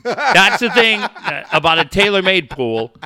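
Bright, brash man doing radio banter. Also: high-pitched, very animated, unhurried, no room sound, clean studio sound. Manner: crude, bursts into shouting rants. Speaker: radio co-host. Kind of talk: profane comedic banter with live ad reads.

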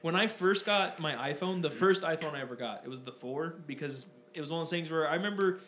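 Young male podcast co-host, quick and rambling, profane, roomy echo. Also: on the high side, fairly bright tone. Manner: rambling, swears freely, many fillers. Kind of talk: casual chat. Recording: echoey room with faint ambient noise.

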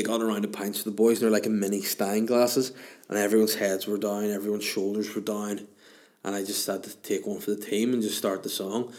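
A man's voice: lowish voice, a little mellow. Rambling, crude man. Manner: rambling, crude, self-mocking storytelling. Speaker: podcast host answering listener questions. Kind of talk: casual chat.

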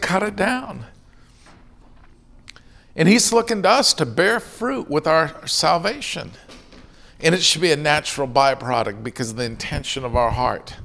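A man's voice: medium pitch, creaky, fairly bright tone. A middle-aged man preaching a sermon in an earnest way, now and then acting out the voices of people in his stories. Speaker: pastor.

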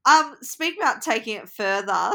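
A woman's voice: a little high, animated, a little slow, gravelly, pushed and bright. A woman hosting an interview, friendly and laughing often, with hesitant fillers. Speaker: interviewer host. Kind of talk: interview conversation.

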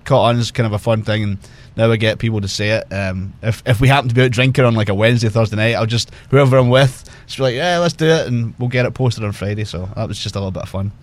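A man's voice: on the low side, fairly even intonation, fast. A man telling casual stories as a guest on a podcast, often laughing as he talks. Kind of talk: casual storytelling.

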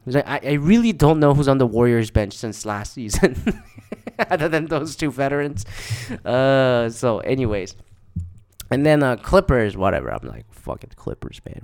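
A man casually recounting games he went to, rambling and swearing, with lots of fillers. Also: medium pitch. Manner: profane, rambling, with frequent fillers.

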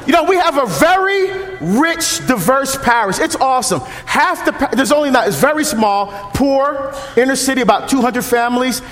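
Man in his fifties, very high voice, humorous storytelling, long church reverb. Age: 50s. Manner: lively storytelling, humorous, acts out dialogue. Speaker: deacon. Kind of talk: parish mission talk.

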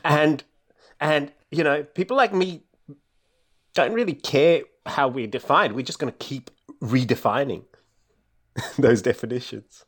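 A man's voice: medium pitch, unhurried, pauses often, husky. Man from India reading his memoir. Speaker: author. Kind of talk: conversation, then reading aloud from his memoir.

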